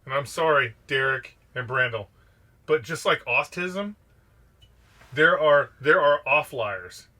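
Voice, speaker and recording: Bright-voiced, opinionated man. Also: a little high, animated, slow pace. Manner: emphatic, opinionated, profane. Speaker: podcast co-host. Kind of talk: casual opinionated chat.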